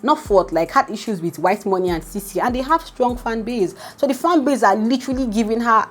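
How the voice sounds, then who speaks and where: A woman with a Nigerian English accent hosting a celebrity gossip channel, telling the story in a lively, dramatic way. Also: brisk. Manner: animated and dramatic, jumping high in pitch as she reacts. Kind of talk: casual gossip commentary.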